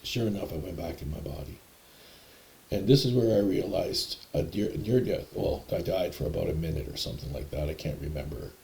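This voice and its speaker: A man's voice: low voice, fairly quick, gravelly, warm tone. A man telling personal stories in a rambling, hesitant, conversational way. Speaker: storyteller. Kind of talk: personal storytelling.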